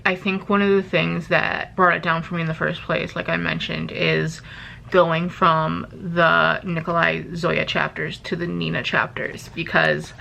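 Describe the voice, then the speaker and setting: A woman's voice: on the low side, gravelly, a little hiss or hum. A woman in her twenties, chatting casually and gushing about a book on her vlog, full of "like" fillers. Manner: gushing, animated, lots of "like" fillers. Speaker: book vlogger. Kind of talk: casual chat.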